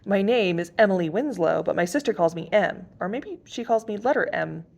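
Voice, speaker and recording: A woman's voice: medium pitch, expressive, brisk, gravelly, a little mellow. A woman reading aloud and voicing an eager, giggly little sister who speaks decidedly and heatedly.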